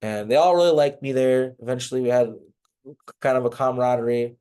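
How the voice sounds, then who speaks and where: A man's voice: mid-range voice, fairly quick, warm tone, clear, resonant tone. A man, a podcast guest, telling a personal story in a loose, casual way, swearing freely and filling with "like" and "um". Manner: loose and profane, many fillers and restarts.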